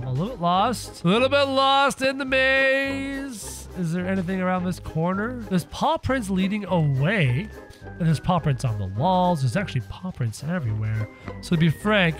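A man giving let's-play commentary in a high, bouncy voice that leaps up and down in pitch. He cracks sarcastic jokes and exclaims at every obstacle. Faint game music plays in the background. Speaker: gaming video host.

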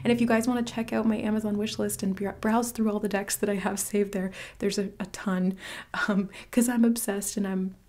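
Woman host, gushing spiritual tarot reader, dips into whispers, mellow tone. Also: medium pitch, flat delivery, brisk. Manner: earnest, gushing, whispers for emphasis. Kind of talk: casual spiritual reading to camera.

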